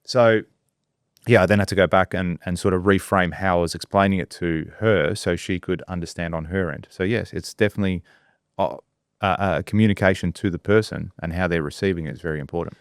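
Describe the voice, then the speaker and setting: A man co-hosting a podcast in casual chat, relaxed and agreeable, often answering with short replies. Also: low-pitched, fairly quick, smooth, no echo, clean studio sound. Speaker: podcast co-host.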